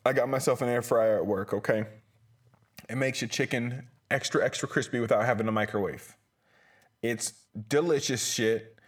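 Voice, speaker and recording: A man's voice: mid-range voice, normal speed. A man hosting a solo podcast from a small closet, talking in a rambling, profane, self-mocking way. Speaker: podcast host.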